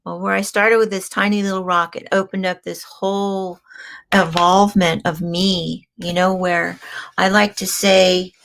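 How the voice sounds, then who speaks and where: A woman's voice: lowish voice, little pitch movement, measured pace, creaky, a bit bright, slight background noise. A woman hosting a crystal healing show, talking in a rambling, chatty way and laughing often. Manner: frequent ums and restarts. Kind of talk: casual live-stream talk.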